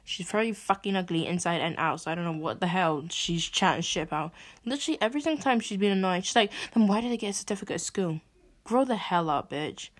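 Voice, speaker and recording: A young woman, venting and swearing as she hosts a podcast. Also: lowish voice. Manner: exasperated ranting, swearing. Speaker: podcast host. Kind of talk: venting monologue.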